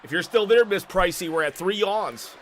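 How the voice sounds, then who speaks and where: A man's voice: high voice, moderate pace, slight background noise. A man hosting a watch party, reacting casually with joking asides.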